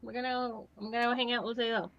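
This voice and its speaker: A woman's voice: fairly high pitch, flat delivery, quick pace, muffled recording. A woman co-playing a game, chatting in a teasing, playful way. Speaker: co-player. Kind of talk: casual chat while gaming.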